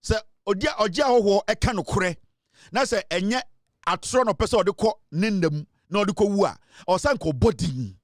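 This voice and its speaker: A Ghanaian man delivers fiery political commentary, scolding and insistent as he switches between Twi and English. His voice sits high for a man. The recording is dry and close, with no room sound. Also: lively intonation, moderate pace, no echo.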